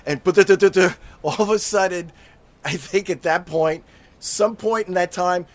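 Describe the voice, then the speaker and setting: A man's voice: high voice, unhurried, a bit bright, no echo. A man in casual chat recalling and correcting a shared story with a friend. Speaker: friend and former roommate.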